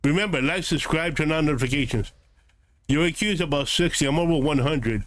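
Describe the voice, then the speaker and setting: A man's voice: on the high side, a little fast, fairly bright tone, no room sound. A man streaming a game, answering his live chat in a combative, sarcastic, lecturing way.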